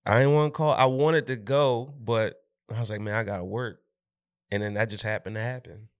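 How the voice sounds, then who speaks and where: A man co-hosting a podcast, telling stories in an animated, slangy way and acting out quotes. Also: medium pitch, fairly quick, dry recording, clean studio sound. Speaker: podcast co-host. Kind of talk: casual chat.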